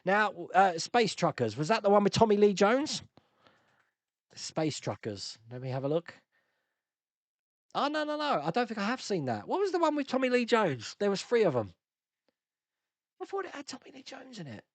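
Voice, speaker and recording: A man's voice: high voice, sing-song, a little fast, no room sound. A man hosting a casual live-stream Q&A, chatting and laughing as he answers viewer comments.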